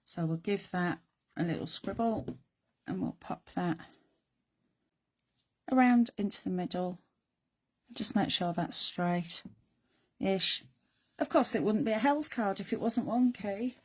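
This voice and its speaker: A middle-aged woman hosting a live craft demonstration, chatty and self-deprecating, thinking aloud as she works, her voice going croaky. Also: medium pitch, slow, pauses often. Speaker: craft show host.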